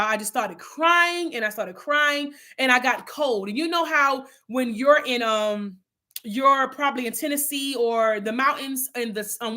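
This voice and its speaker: A woman with a high, bright voice leads a Bible study, speaking to her viewers in an earnest, heartfelt way. She talks loosely and warmly to them, rambling a little and restarting sentences as her thoughts come. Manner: heartfelt, earnest, addresses listeners as y'all. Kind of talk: casual spiritual talk to viewers.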